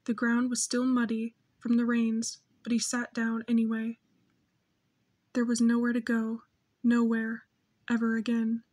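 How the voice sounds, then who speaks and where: A woman reading a novel aloud in steady, measured scripted narration. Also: on the high side. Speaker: audiobook narrator.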